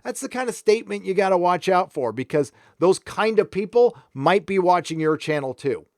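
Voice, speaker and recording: A man's voice: sits high, animated, normal speed, darkish tone, no echo, studio quality. Frank, rambling man on a live stream. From San Diego, California. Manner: frank, rambling, reads out viewer comments. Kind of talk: casual live stream chat.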